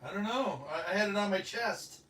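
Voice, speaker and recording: A man's voice: high-pitched, brisk, a bit bright. A man speaking casually and apologetically, off to the side while his wife hosts. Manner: sheepish, apologetic. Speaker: host's husband. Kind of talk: casual aside off-mic. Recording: distant voice from across the room.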